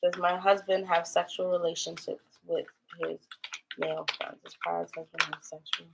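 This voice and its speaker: A woman's voice: on the low side, level tone, normal speed, vocal fry, heavy background noise. A young woman giving tarot readings in a loose, rambling livestream chat, full of filler words and asides. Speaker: tarot reader.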